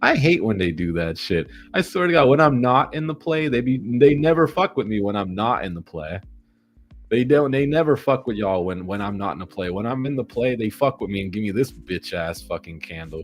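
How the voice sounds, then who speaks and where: Deep-voiced man narrating his stock trades. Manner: excitable, swearing, talks to the chart. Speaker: day-trading vlogger. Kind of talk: casual live trading commentary.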